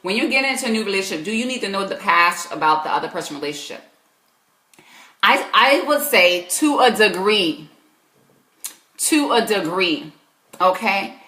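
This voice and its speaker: This live-streaming Christian life coach, who has a South Carolina accent, takes viewers' questions and talks back to their comments with emphatic, preachy energy. Her medium-pitched voice is animated and sharp, at a moderate pace with frequent pauses, in a roomy-sounding space.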